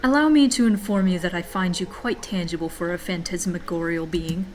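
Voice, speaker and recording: A woman's voice: on the low side, brisk, darkish tone, slight background noise, lightly acted. A woman voicing a pompous, courteous male talking cat who speaks in ornate, formal phrases. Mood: pompous, courtly. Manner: ornate, formal, flowery speech.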